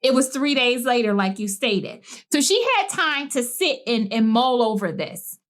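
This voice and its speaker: A woman on a podcast telling a story with emphatic, animated delivery, acting out quoted lines in casual chat. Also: fairly high pitch, moderate pace. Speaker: podcast co-host.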